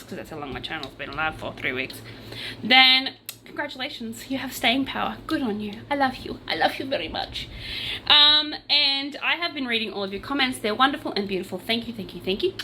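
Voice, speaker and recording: A loud, bubbly Australian woman talks casually to her camera, joking at her own expense. Her voice sits a little high and comes across bright and forceful. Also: animated, normal speed, slight background noise. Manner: loud, bubbly and self-mocking. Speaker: crochet and true crime vlogger.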